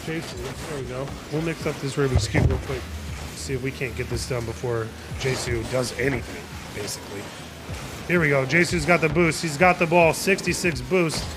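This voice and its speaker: A man's voice: mid-range voice, steady tone, normal speed. A young man casting a live video game match with playful, jokey play-by-play over background music. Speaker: esports caster.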